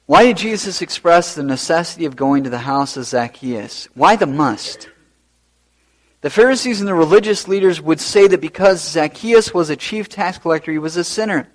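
Animated high-voiced male pastor preaching. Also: moderate pace. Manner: animated, rising to loud emphasis. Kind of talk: sermon.

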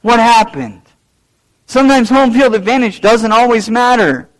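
A male pastor preaching a sermon, swinging between loud, raised lines and low, quiet asides. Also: expressive, moderate pace, low-quality recording.

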